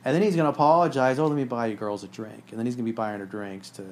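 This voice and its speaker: A man's voice: medium pitch, fairly even intonation, very fast, darkish tone. A man hosting a podcast, telling stories in a blunt, profane, casual way. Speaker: podcast host.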